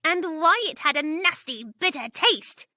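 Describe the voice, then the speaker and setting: A spiteful, prank-loving old wife from a storybook, as a woman narrator puts her on. Her voice is very high and sharp, swinging up and down. She drawls slyly with sugary mockery. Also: big pitch swings, no room sound, clean studio sound, heavily acted. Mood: sly gloating. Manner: sly, mock-sweet, slow and drawn-out.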